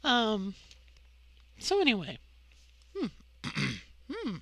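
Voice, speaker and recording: A middle-aged woman delivers a personal vlog monologue, impassioned yet conversational, frequently checking in with a quick "okay?". Her voice is a little high and a bit bright, with lively intonation.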